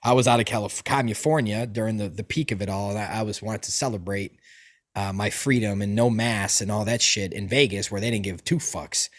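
A man's voice: fairly low pitch, fairly even intonation, brisk. Give me a rambling, swearing male podcast host. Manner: profane, rambling storytelling with many restarts. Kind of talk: casual chat.

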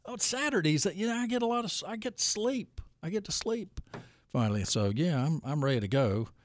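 Lively older radio gardening host. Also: male voice, high voice, a little hiss or hum. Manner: lively, jokey, reads phone numbers slowly. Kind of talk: call-in radio chat.

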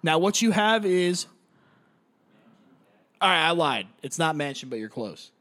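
A man with a notably high voice runs a word puzzle for a friend. He teases, swears casually and chuckles as he talks. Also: very animated, unhurried, fairly bright tone. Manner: teasing, profane, chuckling. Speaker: puzzle giver. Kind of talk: casual podcast banter.

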